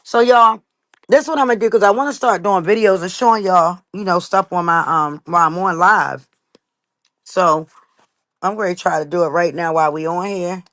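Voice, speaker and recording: A woman's voice: on the low side, moderate pace, a bit bright, no echo. A woman hosting a casual livestream rant, blunt and profane, repeating her points for emphasis. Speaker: livestream host. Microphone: laptop mic on a live stream.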